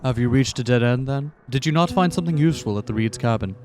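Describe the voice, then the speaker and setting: A man voicing a mysterious, elegant young man who speaks slowly and smoothly in a low, husky tone. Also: a little mellow, natural voice. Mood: probing.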